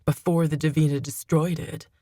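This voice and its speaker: A woman voicing a vengeful male demon father who speaks deep, cold and menacing in an audiobook. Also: steady tone, unhurried, darkish tone, dry recording, clean studio sound. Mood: bitter.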